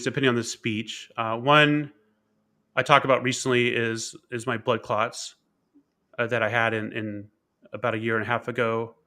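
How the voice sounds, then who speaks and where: Interview guest, man, bright and forceful tone, candid and reflective storytelling, frequent fillers and repeated words. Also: medium pitch. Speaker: keynote speaker and author being interviewed.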